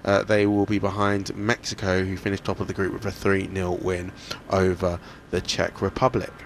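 Lively male radio sports presenter. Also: low voice, moderate pace, a little hiss or hum. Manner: lively, conversational, with frequent fillers.

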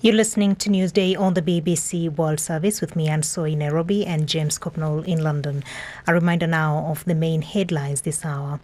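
Measured female radio news presenter. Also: sits low, darkish tone. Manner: measured, clear delivery. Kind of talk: scripted news reading.

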